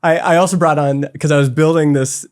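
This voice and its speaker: With a clear, resonant voice on the high side, a man in his forties talks a little fast as an interview guest. A software company co-founder, he's candid and animated, spinning chatty stories in a casual conversation and often filling gaps with "like."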